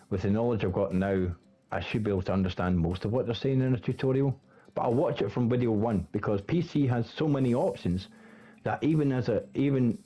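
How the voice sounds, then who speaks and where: A Scottish man in casual chat, rambling and restarting his sentences, swearing often as a guest rating a build. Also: on the low side. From Scotland. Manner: animated, rambling, stammering restarts.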